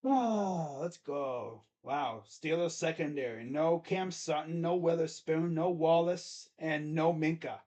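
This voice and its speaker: A man giving casual live play-by-play reaction to a baseball game, talking in an excitable, rambling way as a fan. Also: fairly high pitch, takes it slowly, few pauses.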